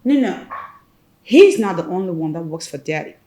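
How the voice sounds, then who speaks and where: A woman's voice: lowish voice, big pitch swings, normal speed, mellow. An actress with a Nigerian accent playing a spoiled, suspicious young woman who complains and protests. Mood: indignant. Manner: complaining, indignant. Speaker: actor playing a young woman, the brother's sister.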